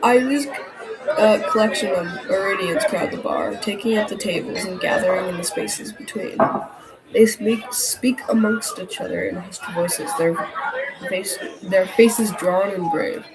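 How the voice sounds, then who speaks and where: A woman's voice: medium pitch, a little slow, low-quality recording. Woman streamer reading a game aloud. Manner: animated, breaks off into excited outbursts and jokes to chat. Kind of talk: reading a story game aloud with live reactions. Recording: game music and crowd sounds behind the voice. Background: game music and tavern crowd noise.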